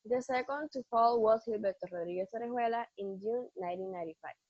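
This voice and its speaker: A teenage girl reading her prepared school presentation in a plain, measured way. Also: fairly high pitch, a little mellow, no room sound, muffled recording. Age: teens. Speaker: student presenter.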